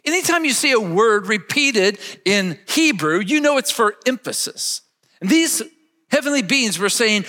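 A man's voice: high-pitched, sing-song, unhurried, bright, forceful tone, in a large hall. A man preaching a sermon emphatically, leading his listeners to repeat words after him. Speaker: pastor.

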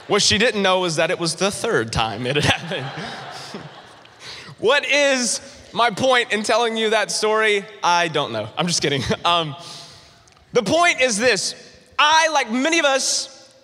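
A man preaching a sermon, telling a funny personal story with animated, humorous delivery. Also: high-pitched, moderate pace, long reverb tail. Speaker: pastor.

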